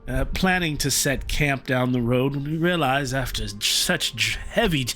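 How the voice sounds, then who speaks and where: A man putting on a halting, wheedling goblin. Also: mid-range voice, bright, forceful tone, faint music behind, natural voice. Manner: hesitant, rambling, halting. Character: wheedling, polite male goblin wanderer.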